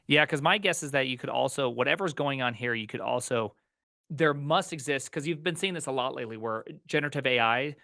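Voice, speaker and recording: A man co-hosts a casual tech podcast, excitable and jumping between half-finished thoughts. His voice is bright and forward, and the sound is dry and close with no room around it. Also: mid-range voice, gravelly, no room sound. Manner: excitable, talks in quick restarts. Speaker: podcast co-host.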